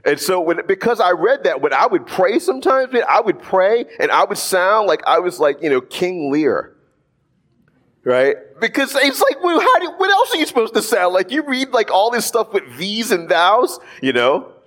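A man with a high-pitched voice and a moderate pace gives a casual sermon, working through a Bible passage with plenty of asides. He's animated and conversational, leaning heavily on "like" and "right?".

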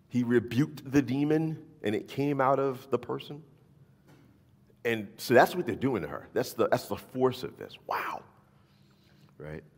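A man preaching a sermon and reading scripture, animated, often asking "right?" and repeating words. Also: mid-range voice, slightly rough. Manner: animated, rising to near-shouts for emphasis. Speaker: pastor. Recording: long hall reverb.

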